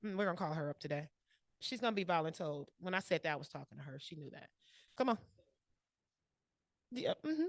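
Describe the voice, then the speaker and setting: A woman's voice: on the low side, expressive, fairly quick, pauses often, dry recording, clean studio sound. A woman hosting questions at a speaking club meeting, joking, teasing and often laughing. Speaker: table topics host at a speaking club meeting.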